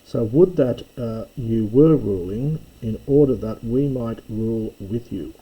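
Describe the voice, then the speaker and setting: With a fairly low, breathy voice, this man gives a verse-by-verse Greek lesson, carefully unpacking words and correcting himself frequently. A Greek New Testament teacher, he speaks slowly and uses a lot of fillers. The recording's highs are cut off.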